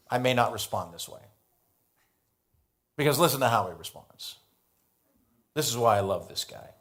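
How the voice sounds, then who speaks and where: American guy preaching, acts out the story, goes loud then soft. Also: fairly low pitch. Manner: animated storytelling, acts out biblical dialogue. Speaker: pastor. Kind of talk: sermon.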